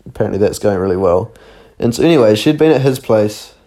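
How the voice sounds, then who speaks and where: A man's voice: on the low side, animated, fast talker, warm tone. A young man, co-hosting a podcast, telling a rambling, sweary story and laughing often. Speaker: podcast co-host. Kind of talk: casual storytelling chat.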